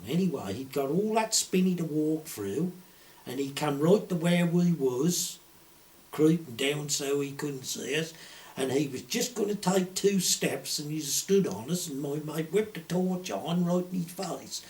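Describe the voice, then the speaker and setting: A man's voice: a little high, lively intonation, moderate pace, a little mellow. Older Suffolk man spinning earthy yarns. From Suffolk, England. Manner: broad rural dialect, earthy swearing, chuckling yarn-spinning. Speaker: storyteller. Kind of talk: rambling anecdotal storytelling.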